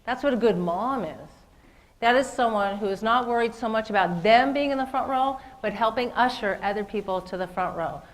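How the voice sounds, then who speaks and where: A woman's voice: on the high side, normal speed, poor audio. A woman giving a motivational keynote speech, speaking earnestly and directly to her listeners. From lives in Las Vegas.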